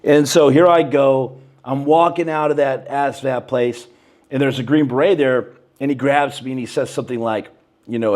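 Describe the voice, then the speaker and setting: A man's voice: mid-range voice, moderate pace. A man in his thirties, a podcast guest telling stories in a laid-back, casual way. He keeps saying "bro" and "man" and raises his voice to act out quotes. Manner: animated, acts out quotes in a raised voice. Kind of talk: casual storytelling interview.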